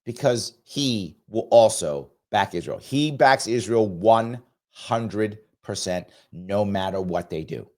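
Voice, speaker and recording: A man's voice: fairly low pitch, lively intonation, takes it slowly, darkish tone. A man hosting a political commentary livestream, emphatic and repetitive, reading out viewer super chats while getting over a cold. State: recovering from a cold, coughing.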